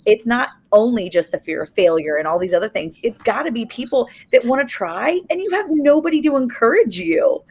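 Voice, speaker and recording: A woman joining a farm livestream by video call, telling a story in a lively, exclamatory way. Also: fairly high pitch, fairly quick, hardly any pauses, slightly rough. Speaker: livestream guest. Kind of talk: casual chat.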